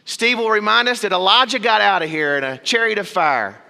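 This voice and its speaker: A man preaching a sermon as pastor, with dramatic pauses and sudden drops to low, quiet phrases. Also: creaky. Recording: long reverb of a big hall.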